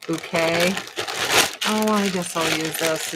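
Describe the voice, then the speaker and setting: A woman's voice: fairly low pitch, takes it slowly, very noisy. A woman chatting casually and bluntly while doing her makeup, swearing freely as she gives her opinions. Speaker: streamer.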